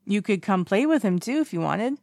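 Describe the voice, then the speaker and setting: A woman's voice: medium pitch, big pitch swings, fairly quick, darkish tone, no room sound, voice pushed up. A woman voicing a tipsy, playful young man in an audiobook, bubbly and teasing, with a dry close sound. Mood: drunk playful. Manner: bubbly, teasing, sing-song calls of a name. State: drunk. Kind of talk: audiobook character voice.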